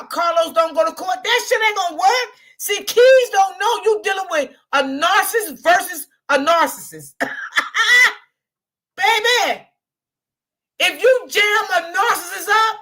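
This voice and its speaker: A woman hosting a casual livestream commentary channel, talking straight to her chat, loud, profane and often laughing. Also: very high-pitched.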